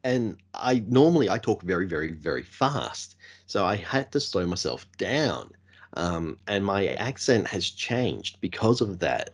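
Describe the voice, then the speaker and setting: A man's voice: low-pitched, a little slow, slightly rough. A man from Australia with a light Australian accent, hosting a podcast interview, chatting casually and laughing often. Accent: light Australian, partly American-sounding. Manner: laughs often, relaxed storytelling. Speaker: podcast host.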